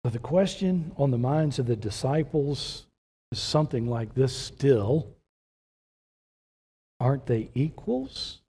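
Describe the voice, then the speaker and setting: A pastor with a husky, medium-pitched voice preaches a sermon, asking rhetorical questions and building to emphatic points. His preaching is animated yet delivered in a slow, measured way.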